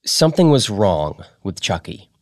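Deep-voiced man reading a story. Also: very animated, a little slow, dry recording, clean studio sound. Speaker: podcast host. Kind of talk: reading fiction aloud.

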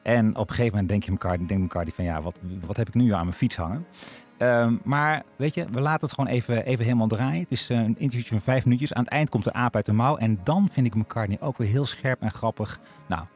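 A man presenting on the radio in a relaxed, chatty way, with frequent filler pauses. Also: mid-range voice, soft background music. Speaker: radio host.

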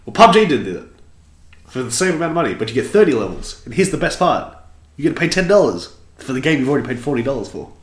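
A man's voice: medium pitch, sing-song, fast. An Australian man co-hosting a podcast, ranting with sarcasm in casual chat. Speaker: podcast co-host. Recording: echoey room.

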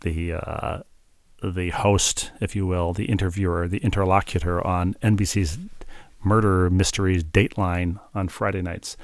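A man's voice: sits low, little pitch movement, normal speed, no echo. A man co-hosting a podcast in casual chat, with wry, sardonic banter. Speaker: podcast co-host.

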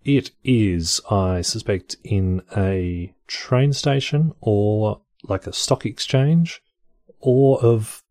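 Male host reading articles aloud with wry offhand jokes; deep, dark voice recorded dry and close. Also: extremely slow, no room sound. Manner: dry, wry, mildly profane commentary. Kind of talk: casual reading with offhand comedic asides.

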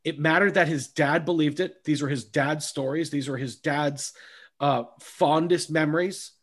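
A man's voice: a little high, fairly even intonation, normal speed. A man co-hosting a podcast, talking about films in a casual, enthusiastic way, swearing freely and restarting his sentences. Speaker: podcast co-host. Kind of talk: casual movie chat.

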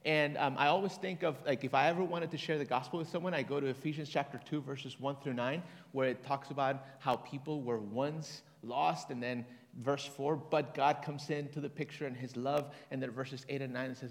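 A man's voice: mid-range voice, moderate pace. A man preaching a conversational sermon to a congregation, chatty and casual, reading scripture aloud and leading them in responses. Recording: long reverb of a large hall.

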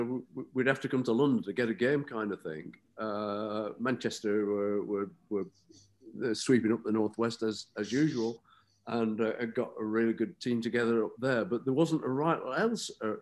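A man answering interview questions, reflective and halting with repeated words. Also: mid-range voice, a little mellow. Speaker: interview guest.

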